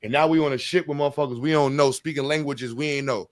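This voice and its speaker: A man's voice: fairly high pitch, steady tone, fast, few pauses, dry recording, clean studio sound. A man hosting a podcast, ranting in a blunt, profane, slangy way. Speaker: podcast host. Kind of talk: heated casual rant.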